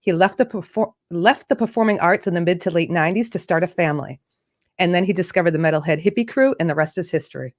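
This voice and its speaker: A woman's voice: fairly low pitch, animated, quick pace. A woman hosting a casual livestream, chatting in a bubbly way straight to her viewers and a remote chat. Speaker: livestream host.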